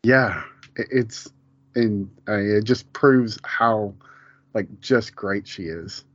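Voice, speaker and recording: A man's voice: lowish voice, slow pace, fairly bright tone, no room sound. A man co-hosting a casual podcast chat about a TV show. He rambles, restarts often and laughs a lot. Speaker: podcast co-host. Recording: dull, lo-fi home podcast audio.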